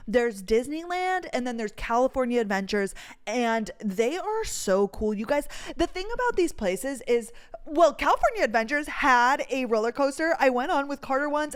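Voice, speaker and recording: Chatty animated young woman storyteller. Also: on the high side, clean tone. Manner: animated, swearing, lots of "like" fillers. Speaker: podcast host. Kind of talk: casual storytelling chat.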